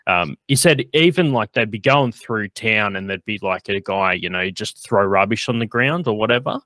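A man's voice: on the low side, normal speed, fairly bright tone, no echo. A man hosting a podcast in casual chat, rambling with lots of fillers and frequent laughs. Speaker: podcast host.

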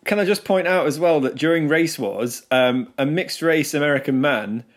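A man's voice: on the high side, normal speed. A man co-hosting a podcast, talking casually and laughing often as he goes. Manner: chatty, laughs often, talks over his co-host. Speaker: podcast co-host. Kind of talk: casual chat.

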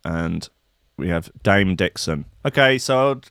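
A man's voice: deep voice, lively intonation, slow, fairly bright tone, clear, resonant tone, no room sound, clean studio sound. A man hosting a radio show, chatting casually and reading aloud with lots of hesitation. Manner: rambling, hesitant with many fillers.

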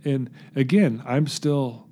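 A man's voice: mid-range voice, takes it slowly, warm tone. A man, a podcast guest, telling a personal story in earnest, acting out the dialogue he recounts. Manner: earnest, emotional.

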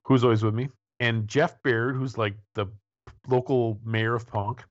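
A man's voice: mid-range voice, steady tone, unhurried, no echo, muffled recording. A man in his forties hosting an interview show, chatting casually and jokily with lots of restarts. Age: 40s. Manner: rambling, joking, many restarts. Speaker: podcast host.

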